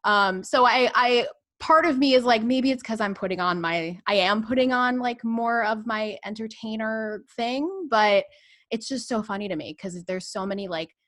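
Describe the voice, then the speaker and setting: A woman's voice: on the high side, normal speed, fairly bright tone, dry recording. A woman who works in radio, guesting on a podcast and chatting casually with many fillers. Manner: chatty, filler-heavy, lots of "like". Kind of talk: casual chat.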